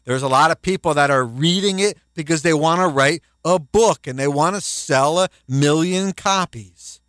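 A man preaching a sermon as a pastor, emphatic and rising in pitch when quoting scripture. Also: normal speed, a bit bright, dry recording.

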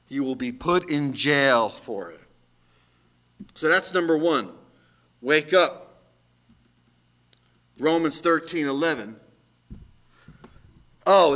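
A man preaching a sermon as pastor, moving between loud shouted calls and quiet asides. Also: fairly high pitch.

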